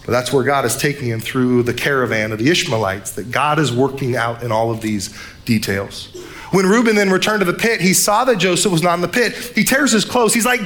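A young man preaching a sermon, animated, acting out the characters' lines as he retells the story. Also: medium pitch, fairly quick. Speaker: pastor.

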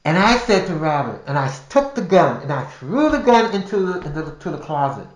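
A man's voice: fairly high pitch, sing-song, fairly quick. An older man telling a personal story casually, rambling with restarts and repeated words. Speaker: podcast storyteller. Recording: roomy echo.

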